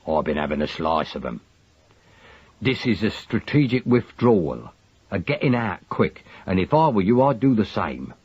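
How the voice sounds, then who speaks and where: A man voicing a truculent middle-aged Cockney manservant with a husky, grumbling, slangy delivery, on a dull lo-fi recording. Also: low-pitched, big pitch swings, normal speed, a little mellow, no echo, heavily acted.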